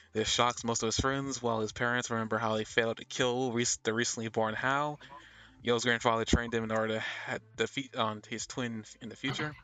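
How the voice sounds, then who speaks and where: A man's voice: medium pitch, sharp tone. A man hosting a casual anime podcast, hesitant and tripping over names as he reads. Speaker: podcast host. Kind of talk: casual chat.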